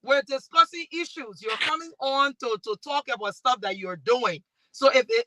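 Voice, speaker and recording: Lively Liberian woman panelist telling stories. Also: fairly high pitch, dry recording. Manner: animated storytelling, acts out quoted dialogue. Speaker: panelist and talk show host. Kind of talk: panel discussion.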